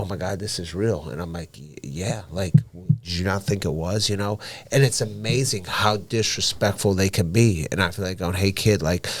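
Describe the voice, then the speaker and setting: A man with a lowish voice speaks as a podcast guest, telling brash, animated stories. He swears freely, slips into the voices of the people in his anecdotes, and keeps a casual, conversational flow. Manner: animated storytelling with blunt swearing; acts out dialogue in his anecdotes. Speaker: podcast guest, professional boxer and gym owner.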